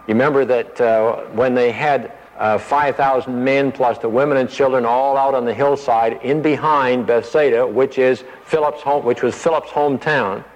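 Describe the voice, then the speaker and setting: A man's voice: mid-range voice, steady tone, moderate pace, few pauses, big-room sound, low-quality recording. A man giving a conversational Bible teaching, thinking aloud as he explains the passage and acting out the quoted lines.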